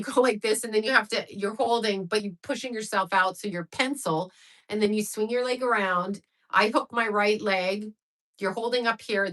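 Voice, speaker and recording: This livestream host, a woman in her sixties, has a mid-range voice that's bright and forceful, though the recording is rough. She talks openly and meanders, curses without hesitation, and responds to viewer messages along the way.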